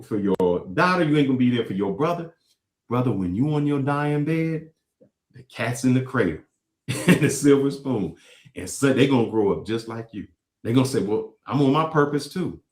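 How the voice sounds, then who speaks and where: A man hosting a show, giving emphatic reaction commentary on clips and repeating phrases for effect. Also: medium pitch. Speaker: show host. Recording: echoey room.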